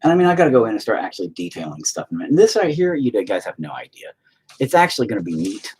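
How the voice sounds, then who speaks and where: Profane rambling husky-voiced man. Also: fairly low pitch, very animated, rapid-fire, a little mellow. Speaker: livestreamer painting while chatting. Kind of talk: casual stream chat. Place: home, indoors.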